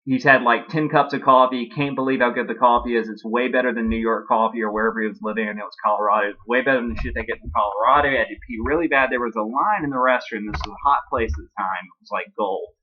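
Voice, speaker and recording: Male comic storyteller, mid-pitch, rambling and offhand delivery, dull lo-fi recording. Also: steady tone, quick pace, hardly any pauses. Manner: rambling, offhand, with crude asides. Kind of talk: comedic storytelling.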